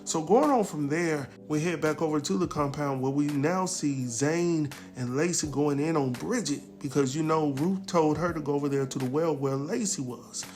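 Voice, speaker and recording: A man casually recapping a TV episode, acting out the characters' lines in a lively, slangy way. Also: fairly high pitch, moderate pace, few pauses, soft background music. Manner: animated storyteller, acts out quotes, slangy. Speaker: TV recap host.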